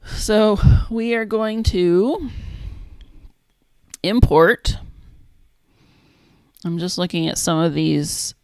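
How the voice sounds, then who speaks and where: Creaky-voiced woman chatting while she works. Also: on the low side, drawn-out words, pauses often, darkish tone, no room sound. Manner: chatty, thinks aloud, trails off and restarts. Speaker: zine maker streaming her work. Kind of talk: casual livestream chat while working.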